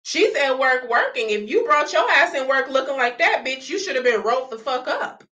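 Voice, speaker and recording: A woman's voice: high voice, sing-song, normal speed, pushed and bright. A woman hosting a reaction channel, ranting in blunt, sassy, profane commentary.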